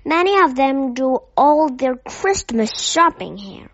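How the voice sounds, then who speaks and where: A woman's voice: high-pitched, very animated, takes it slowly, pitched above the performer's own voice, exaggerated voice. A woman voicing a fussy, overly polite male shop assistant in a storybook reading. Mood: formal. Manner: bright, formal and ingratiating. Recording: dull audio with faint music.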